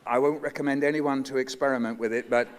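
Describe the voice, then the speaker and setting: A man's voice: medium pitch, fairly even intonation, fast talker. A man speaking in a dry, matter-of-fact way in a cut-up comic monologue.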